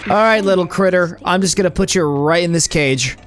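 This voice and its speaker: A young man doing comedic gameplay commentary, joking, stammering and repeating words, and bursting into loud squeals. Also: sits high, fairly quick, slight background noise. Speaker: streamer.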